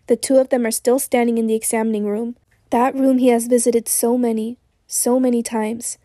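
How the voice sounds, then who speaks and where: A woman with a hoarse voice narrating an audiobook in a measured, intense reading. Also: fairly high pitch, little pitch movement, mellow, dry recording, studio quality.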